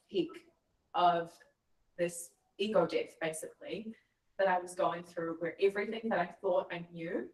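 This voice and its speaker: A woman's voice: fairly low pitch, distant mic. A woman telling a personal story in a casual chat, earnest and reflective. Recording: echoey room, voice a bit off-mic.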